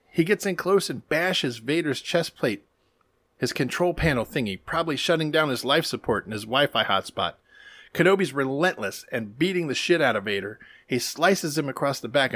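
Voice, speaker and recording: A man co-hosting a podcast, giving a casual, animated recap with wry asides and casual swearing. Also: medium pitch, no echo. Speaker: podcast co-host.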